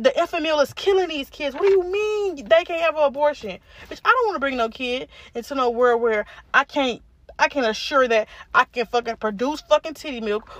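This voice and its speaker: A woman's voice: sits high, no room sound. A woman of about twenty hosting a podcast alone, ranting angrily and bluntly with heavy swearing. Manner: angry, profane, blunt. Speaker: podcast host. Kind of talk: casual solo rant.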